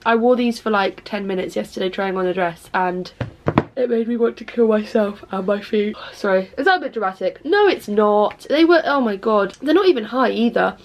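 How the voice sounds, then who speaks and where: A woman's voice: mid-range voice, moderate pace, a little hiss or hum. A young English woman vlogging in casual chat, self-mocking and swearing often, sometimes slipping into song. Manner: bursts into snatches of song. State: tired, low-voiced at night.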